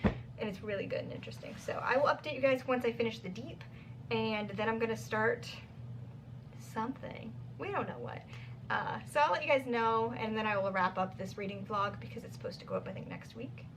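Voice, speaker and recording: A woman's voice: on the high side, brisk, a bit bright, recorded from a distance, a little hiss or hum. A young woman chatting casually in a book vlog, bubbly and full of "like" fillers. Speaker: book vlogger.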